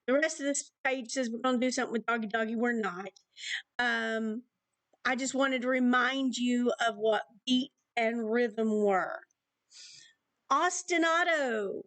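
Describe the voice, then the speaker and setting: A woman's voice: high-pitched, fairly bright tone, dry recording. A woman music teacher in a recorded distance-learning lesson, explaining beat and rhythm and counting out patterns with syllables.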